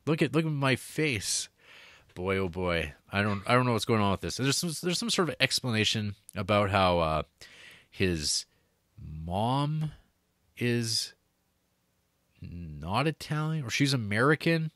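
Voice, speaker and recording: A man's voice: fairly low pitch, very animated, measured pace, a bit bright, no room sound, clean studio sound. A man co-hosting a podcast, chatting casually, laughing often and mimicking characters in mocking voices. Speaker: podcast co-host. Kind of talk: casual chat.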